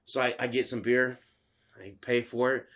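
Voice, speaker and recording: Speaking at a normal speed in a mid-range, steady voice, this young man co-hosts a podcast and casually recounts a story. He swears all the time and breaks into yelled insults when playing the other driver.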